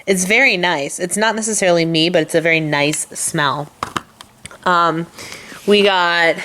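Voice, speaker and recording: A young lifestyle vlogger chats casually to camera as she shows off items, upbeat and full of little fillers. Her voice is on the low side, with a fairly bright tone.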